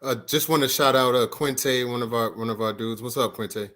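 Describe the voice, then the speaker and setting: A man's voice: mid-range voice, moderate pace, fairly bright tone. A man hosting a casual sports podcast who poses the questions and often restarts his sentences. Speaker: podcast host.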